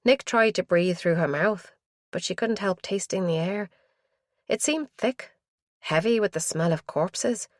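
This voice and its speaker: A woman reading a crime thriller audiobook in a measured, suspenseful way. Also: medium pitch, dry recording, clean studio sound. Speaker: audiobook narrator. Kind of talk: scripted narration.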